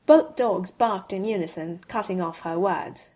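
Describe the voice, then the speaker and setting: A woman reading a fan-written story aloud as an audiobook, in a steady, even storytelling manner. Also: on the low side, measured pace, slightly rough. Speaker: audiobook reader. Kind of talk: fanfic audiobook narration.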